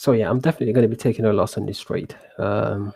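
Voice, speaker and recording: A man streaming live trading, answering viewer questions in a relaxed, rambling way with many restarts and fillers. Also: fairly low pitch, fast talker, creaky, breathy edge, no echo.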